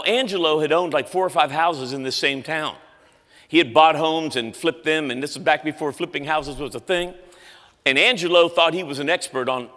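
A man preaching a story-driven sermon with a bright, clear-edged voice pitched a little high. He tells the story with energy and acts out the characters. A long reverb from a large church hall trails his words.

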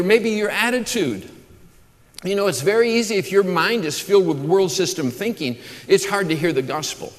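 A man preaching to his congregation in an earnest, building way, stacking phrases one after another. His voice sits a little high for a man. The sound rings with long reverb from a large church hall. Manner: earnest, repeats words and restarts, builds lists. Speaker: pastor. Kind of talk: sermon.

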